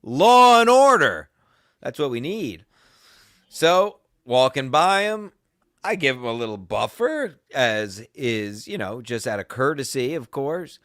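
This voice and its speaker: A man's voice: mid-range voice, sing-song, unhurried, fairly bright tone, dry recording, clean studio sound. A man hosting a podcast, telling a story in a crude, combative and profane rant. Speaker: podcast host. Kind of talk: casual ranting chat.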